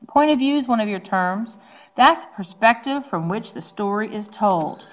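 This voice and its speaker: A woman teacher from the Northeastern United States giving a casual recorded lecture, explaining terms with frequent ums and slowing down to stress key words. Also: medium pitch, expressive, a little hiss or hum.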